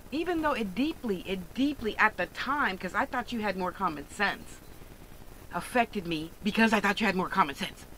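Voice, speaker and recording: A woman with a medium-pitched, slightly bright voice is heard on a low-quality recording with a little background noise. She sells jewelry and crystals online and delivers a blunt, sarcastic, profanity-laced rant as a vlog monologue.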